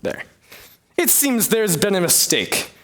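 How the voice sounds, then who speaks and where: A young man performing a one-man comedy play, with a hammy, exaggerated delivery and sudden pitch swings. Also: wildly swooping pitch, slow, fairly bright tone, a little hiss or hum. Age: young adult. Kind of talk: theatrical one-man comedy, many voices.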